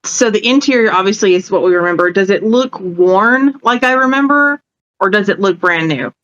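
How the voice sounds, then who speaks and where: A woman playing a tabletop game, curious and bright in manner. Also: mid-range voice, expressive, normal speed, muffled recording. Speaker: player. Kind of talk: casual tabletop play.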